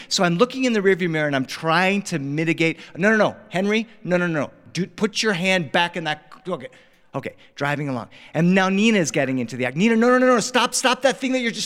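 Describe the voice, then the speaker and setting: A middle-aged man tells a personal story to a live audience, animated and jumping into the voices of his family. His voice sits a bit high, with a long reverb tail from the room. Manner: animated, acts out family dialogue. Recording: reverberant live studio sound.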